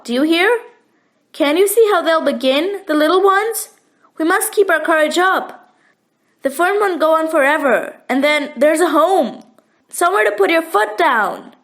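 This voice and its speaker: A woman's voice: sits high, lively intonation, normal speed. A woman voicing a brave pioneer mother. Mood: firm. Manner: soft but blunt, keeps spirits up. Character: determined mother of six, brave and cheering.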